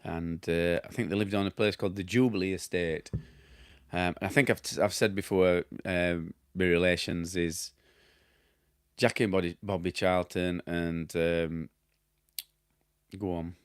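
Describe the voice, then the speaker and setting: Deep-voiced man with broad Yorkshire accent. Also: fairly even intonation, a little slow, smooth, no room sound, studio quality. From Yorkshire, England. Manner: rambling, chatty, laughs at himself, loses his train of thought. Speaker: damp specialist and former plasterer answering viewer questions. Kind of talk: casual chat.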